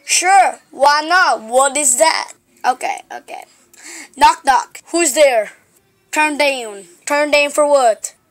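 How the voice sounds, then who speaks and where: Brief: goofy girl skit-maker, very high and bright, slow and drawn out. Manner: giggly, goofy, mock shouting. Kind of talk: playful comedy skits.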